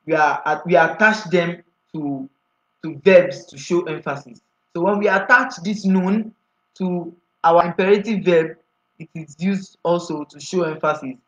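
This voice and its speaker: An Arabic grammar teacher lectures his class in a slightly higher voice, going through each rule in order step by step. He often pauses to ask the students "what?" for the next answer, and the recording is muffled and lo-fi.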